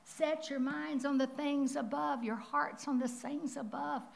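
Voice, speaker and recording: Animated, chatty woman teaching the Bible. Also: high voice, unhurried, creaky, low-quality recording. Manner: conversational and animated, with asides and rhetorical questions. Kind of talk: sermon-style Bible teaching.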